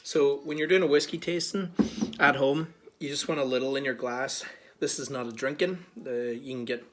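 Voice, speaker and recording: A man's voice: medium pitch, moderate pace, slight background noise. A man with an Irish accent hosting a whiskey tasting, talking casually and joking as he explains. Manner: chatty, joking, relaxed. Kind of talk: casual instructional talk. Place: small bar.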